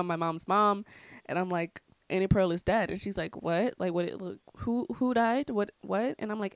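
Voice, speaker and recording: A woman's voice: fairly low pitch, clean tone, no room sound. A young woman telling a story to camera in a casual vlog, frank and profane, with lots of filler "like". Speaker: vlogger.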